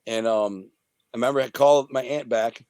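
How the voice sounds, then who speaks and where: A man from the Detroit area telling rough, profane stories from his past in a casual, animated way as an interview guest. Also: medium pitch, moderate pace, no room sound. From Detroit area, USA. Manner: streetwise, profane, animated retelling. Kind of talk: casual storytelling.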